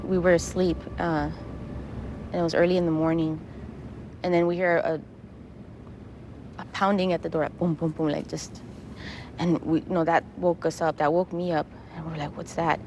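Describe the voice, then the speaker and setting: A woman giving an emotional interview, speaking haltingly and repeating her words. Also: low-pitched, flat delivery, a little mellow, a little hiss or hum. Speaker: interviewee recounting her past.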